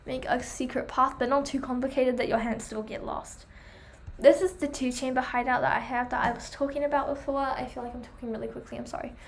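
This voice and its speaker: A young woman chatting enthusiastically while reviewing pet products, full of fillers, her voice going hoarse. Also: high-pitched, fairly even intonation, fast talker, a little hiss or hum. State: losing her voice. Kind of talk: casual chat.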